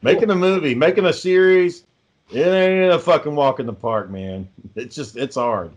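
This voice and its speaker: A man's voice: on the high side, animated, normal speed, dull audio. A man who hosts the podcast and makes indie films, talking in a laid-back casual chat and swearing constantly. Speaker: podcast host and indie filmmaker.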